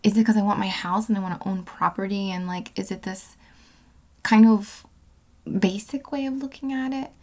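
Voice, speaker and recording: A woman's voice: medium pitch, fairly even intonation, normal speed. A woman giving a casual tarot reading, rambling with many fillers and self-corrections, sometimes dropping into a whisper. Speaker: tarot card reader.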